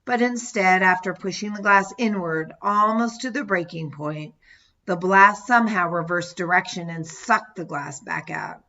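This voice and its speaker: A woman reading a first-person memoir as an audiobook narrator, measured and steady, now and then raising her voice for quoted shouts. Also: on the low side. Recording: dull lo-fi audio.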